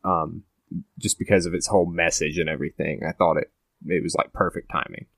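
A teenage boy co-hosts a casual podcast, musing about a film in a low, unhurried voice. He rambles thoughtfully, starting sentences over as he works out what he means. The sound is close and dry. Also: steady tone, creaky, fairly bright tone, no echo. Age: teens. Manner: thoughtful, rambling, many restarts. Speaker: podcast host. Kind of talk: casual movie review chat.

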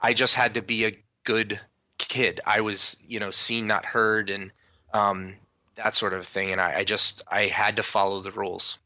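A man recalling his religious upbringing in an interview, earnest and halting, often restarting his sentences. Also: lowish voice, flat delivery, bright, forceful tone, no echo, dull audio. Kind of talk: candid personal recollection.

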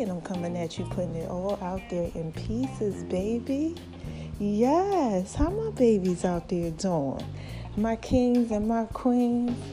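A woman hosting a casual motivational podcast, folksy and affectionate, a little out of breath with a swollen throat. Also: on the high side. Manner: folksy, affectionate, calls listeners baby and y'all. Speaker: podcast host.

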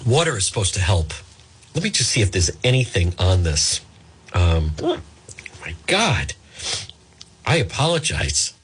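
A man's voice: on the low side, very animated, fairly quick, slight background noise. A male radio host, chatting live on air while fighting hiccups and apologizing with self-mocking humor. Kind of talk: live talk radio, casual.

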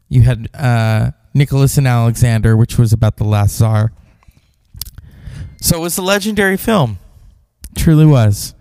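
Smooth-voiced male podcast host, dry sound. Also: medium pitch, dark tone, dry recording. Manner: casual, repeats himself. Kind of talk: podcast commentary.

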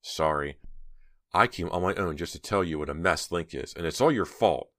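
A man's voice: deep voice, normal speed, sharp tone, no echo, studio quality. A man voicing a defensive teenage girl, talking in tense, clipped lines.

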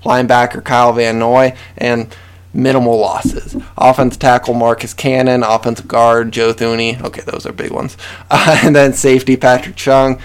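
A man's voice: mid-range voice, flat delivery, normal speed, clean tone. A man hosting a casual sports chat, running through lists of names and teasing his co-hosts. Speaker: podcast host.

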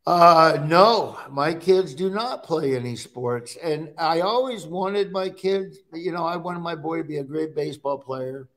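A middle-aged man from Nebraska, a guest in a casual chat, telling animated stories and acting out his own quotes. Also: a little high, measured pace, hardly any pauses.

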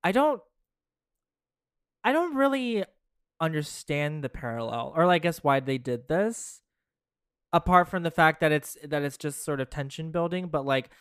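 Clear-voiced podcast co-host, thoughtful. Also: medium pitch, animated, a little slow, pauses often, a bit bright, no room sound, clean studio sound. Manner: thoughtful, hedging, many restarts. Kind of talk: casual chat.

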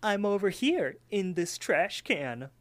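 A man voicing a scheming male talking pie with a slow, high, cackling delivery while recapping a cartoon episode on a podcast. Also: big pitch swings, no echo, exaggerated voice. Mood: sly.

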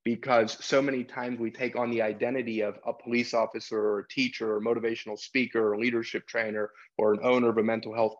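A man speaks in an earnest, reflective way as a podcast guest, sitting at a middling pitch. The sound is a little dull and lo-fi. He acts out courtside exchanges with coaches as he explains himself. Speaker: guest, basketball referee. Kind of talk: podcast interview.

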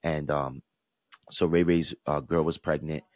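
A man from the New York–New Jersey region of the US East Coast, in his thirties, hosts a podcast and tells a personal story with earnest reflection and frequent restarts. His extremely low, darkish voice holds a steady tone at a measured pace, recorded at studio quality with no room sound.

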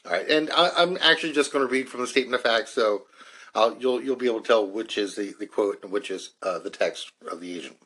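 A man's voice: on the low side, quick pace, pushed and bright. A man hosting a podcast, walking listeners through a court case and reading from legal documents, with frequent restarts and fillers. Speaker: podcast host. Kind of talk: explanatory legal commentary.

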